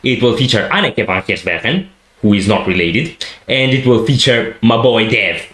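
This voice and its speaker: A man's voice: fairly low pitch, lively intonation, moderate pace, a bit bright, roomy sound. A man co-hosting a music reaction show, chatting casually and gushing like a fan with frequent restarts. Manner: enthusiastic fanboy rambling with restarts.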